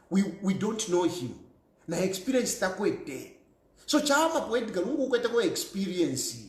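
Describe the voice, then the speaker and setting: A man's voice: sits high, echoey room. A man with a Zambian accent giving emphatic political commentary, repeating his points and laughing often. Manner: emphatic, repetitive, mixes English and Bemba, laughs often.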